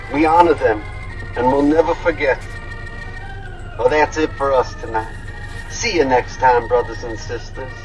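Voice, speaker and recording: A very high, squeaky male dog preacher, preaching slowly and solemnly to his flock. Faint music plays underneath. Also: rough recording. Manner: slow and solemn. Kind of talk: comic sermon.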